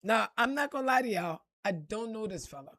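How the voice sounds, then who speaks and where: Animated, profane woman storyteller. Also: on the high side, a little fast, no echo, clean studio sound. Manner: animated and profane, acting out quotes with laughs. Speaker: vlogger telling a personal story. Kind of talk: casual storytelling.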